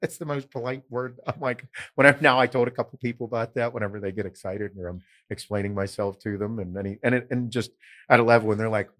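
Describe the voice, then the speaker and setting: A middle-aged man hosting a podcast in casual, animated chat, swearing freely and telling stories. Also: mid-range voice, quick pace. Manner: animated, swearing, storytelling with quoted voices. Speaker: podcast host.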